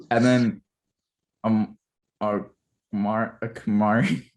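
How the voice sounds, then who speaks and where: A man's voice: fairly low pitch, sing-song, extremely slow, a little mellow. A man hosting a podcast over a video call, chatting casually and rambling, often stumbling and restarting his words. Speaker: podcast host. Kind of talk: casual chat.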